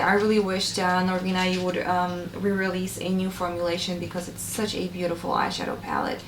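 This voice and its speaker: A woman's voice: lowish voice, monotone, brisk, few pauses, reverberant, a little hiss or hum. A young adult woman chatting casually and enthusiastically to camera as a beauty vlogger, with lots of fillers. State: a little out of breath.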